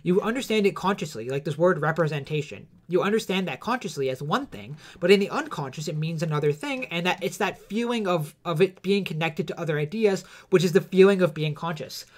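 A man lectures without a script, fairly high-pitched for a man. He hesitates and restarts his sentences often, with fillers throughout. A slight cough hangs on his voice. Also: expressive, a little fast, hardly any pauses. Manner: hesitant, many fillers and self-corrections. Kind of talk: unscripted explanatory lecture.

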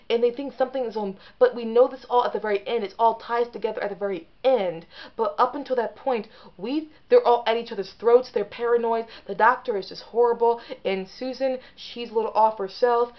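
Chatty woman with a high voice. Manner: chatty, earnest, lively with self-corrections. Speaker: video host ranking episodes. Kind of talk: casual talking-head review. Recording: dull lo-fi sound.

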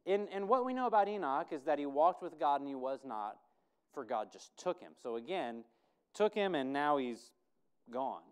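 A man's voice: fairly high pitch, lively intonation, normal speed, clear, resonant tone. A man preaching a conversational sermon, putting questions to his congregation and thinking aloud. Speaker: pastor.

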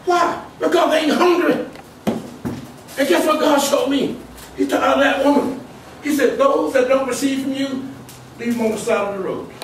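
A man preaches a fiery sermon in a church hall, his voice pitched unusually high. He hammers his points home with shouts and repetition. The sound is very echoey and picked up from a distance, with faint hiss underneath. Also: moderate pace, pauses often. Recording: echoey hall, mic from far off.

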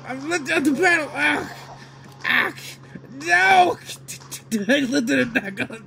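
High, lively-voiced man yelling over gameplay. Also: slow pace, gravelly. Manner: yelling, laughing and pleading at opponents. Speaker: gaming video creator. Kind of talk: excited gameplay commentary.

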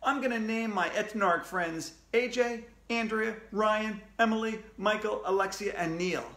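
A man voicing a gentle, formal alien teacher in a children's story. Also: sits high, moderate pace, pitched above the performer's own voice. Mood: tender. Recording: echoey room.

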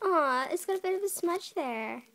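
A woman's voice: very high-pitched, expressive, moderate pace, fairly bright tone. A teenage girl unboxing a package, giddy, exclaiming and laughing again and again. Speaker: vlogger. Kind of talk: unboxing video. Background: plastic crinkling.

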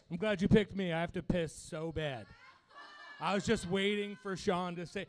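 A man's voice: sits high, fairly even intonation, normal speed, slight background noise. A young man doing a crude, self-deprecating stand-up set, laughing at his own jokes. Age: young adult. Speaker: stand-up comedian.

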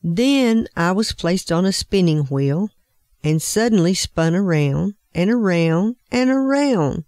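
A woman voicing a talking teacup that was once clay, telling its story slowly. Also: fairly low pitch, animated, darkish tone, no echo, clean studio sound. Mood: recounting.

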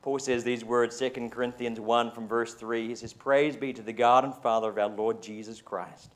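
New Zealand pastor preaching conversationally. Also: male voice, mid-range voice, level tone, normal speed, hardly any pauses. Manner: conversational, often asks the congregation "right?". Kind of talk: sermon. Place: church service.

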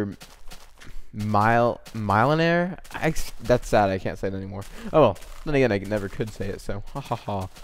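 A young man casually commentating his own video game play, rambling and breaking into quick excited exclamations. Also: lowish voice, clean tone.

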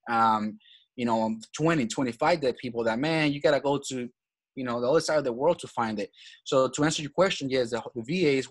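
A man from Venezuela, a guest in a casual interview who talks with energy and keeps repeating his main points, often adding "right?" and "man". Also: medium pitch. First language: Spanish. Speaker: guest, real estate acquisitions manager.

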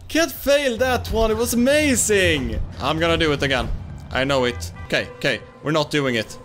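A young man giving excitable let's-play commentary, laughing and shouting at wins and fails. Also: on the high side, moderate pace, faint music behind. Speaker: gaming YouTuber.

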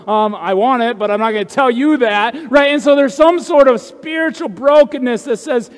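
A man's voice: very high voice, normal speed, few pauses. A male pastor preaching a conversational sermon, often checking in with the congregation with asides. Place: church sanctuary. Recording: church sanctuary with long reverb.

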